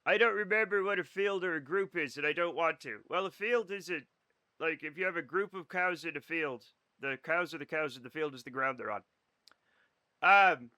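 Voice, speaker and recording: A man's voice: fairly high pitch, bright, forceful tone, no room sound. A young man streaming a game, chatting casually and sarcastically with his chat and swearing now and then. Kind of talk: casual chat reading live chat while gaming.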